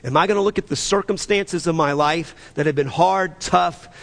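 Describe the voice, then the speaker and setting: A male pastor preaching a fervent sermon, reading scripture quickly, then slowing for emphasis and repeating phrases for the congregation. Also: a little high, vocal fry, a bit bright.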